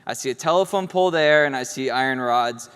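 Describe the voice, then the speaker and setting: Man, award speech, casual and humorous storyteller, smooth voice, reverberant hall. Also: mid-range voice, a little fast, a bit bright. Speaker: award speaker. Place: event hall stage. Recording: echoey hall.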